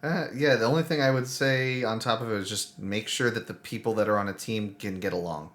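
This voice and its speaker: A man's voice: fairly low pitch, a little fast, a bit bright. A man co-hosting a casual podcast chat who thinks aloud in loose, rambling phrases. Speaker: podcast co-host; improv teacher.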